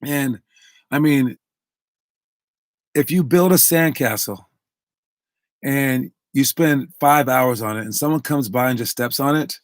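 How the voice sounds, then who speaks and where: A man's voice: fairly high pitch, no room sound, clean studio sound. A man who coaches basketball, talking casually on a live stream, lecturing through a story and acting out the quotes.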